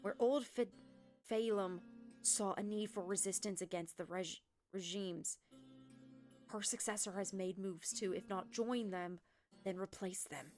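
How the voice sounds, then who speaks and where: Lady putting on a shaky old guy, irish lilt, stammers n trails off quiet. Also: medium pitch, measured pace, faint music behind, lightly acted. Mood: hesitant. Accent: put-on Irish. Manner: hesitant, stammering. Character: nervous old man informant.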